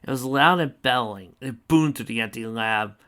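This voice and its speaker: A young adult man reading fan fiction aloud in an energetic, playful way, with casual asides. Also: medium pitch, normal speed, clear, resonant tone.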